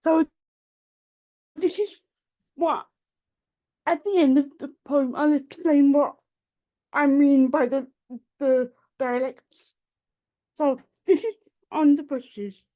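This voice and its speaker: A woman from the Black Country in England, reading her own poems in a measured, deliberate way over a video call. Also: high-pitched, fairly even intonation, dull audio. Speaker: poet. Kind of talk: poetry reading.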